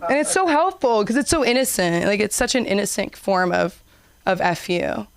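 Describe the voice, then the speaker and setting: A young woman doing a stand-up comedy set and hosting an open mic, animated and acting out characters in high voices. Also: moderate pace, clean tone, no echo. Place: comedy club stage.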